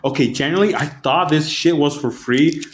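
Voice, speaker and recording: A vlogger casually tells a rambling story to camera, swearing often and haltingly restarting his sentences. His voice is a little high, and there's slight background noise.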